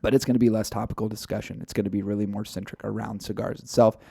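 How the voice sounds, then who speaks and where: A man's voice: on the low side, little pitch movement, fast talker, vocal fry, dark tone, slightly rough, no room sound, clean studio sound. A man co-hosting a casual podcast, talking in a loose, rambling way with fillers. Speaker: podcast co-host.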